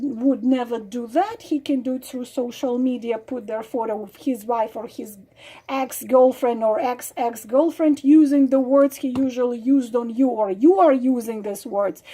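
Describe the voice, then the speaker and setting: A woman's voice: sits high, warm tone, breathy edge. Earnest woman warning about manipulators. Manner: earnest, warning, many fillers and repeated examples. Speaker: relationship advice vlogger. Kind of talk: direct-to-camera advice talk.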